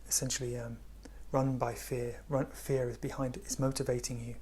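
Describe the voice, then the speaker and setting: Male spiritual teacher, gentle and slow, hushed delivery, mid pitch. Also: little pitch movement, slightly rough. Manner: gentle, unhurried, often drops to a hush. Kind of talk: spiritual talk.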